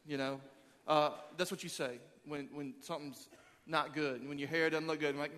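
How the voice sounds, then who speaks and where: A man in his thirties, a pastor preaching a sermon, energetic and joking as he rallies the crowd. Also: a little high, a little fast. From Arkansas. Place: large church auditorium. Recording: long hall reverb.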